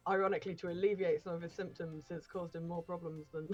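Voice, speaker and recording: A woman's voice: fairly low pitch, fairly even intonation, fast, darkish tone, lo-fi sound. Chatty woman co-hosting a stream. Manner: chatty, laughs through her stories, many ums. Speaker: stream co-host. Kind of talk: casual storytelling chat.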